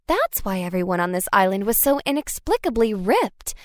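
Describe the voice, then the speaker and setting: Expressive woman audiobook narrator. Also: medium pitch, moderate pace, hardly any pauses, no room sound, clean studio sound. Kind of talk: first-person novel narration.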